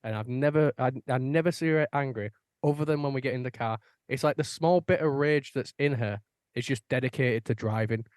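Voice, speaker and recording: A man from Britain, a podcast host, chatting casually and telling stories with plenty of swearing and lively quoted voices. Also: medium pitch, a little fast, no echo, studio quality. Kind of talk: casual chat.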